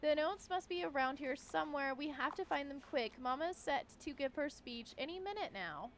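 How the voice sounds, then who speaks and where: A woman's voice: sits high, animated, fairly quick, a little hiss or hum. A woman reading a worried young daughter. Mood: urgent. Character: worried young woman fetching her mother's notes. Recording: faint game music behind.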